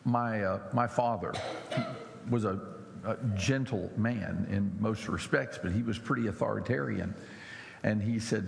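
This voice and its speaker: A man preaching a sermon in an animated way, his voice climbing high when he mocks. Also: moderate pace, creaky. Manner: animated, mocking voices rising high and loud. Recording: echoey hall with faint noise.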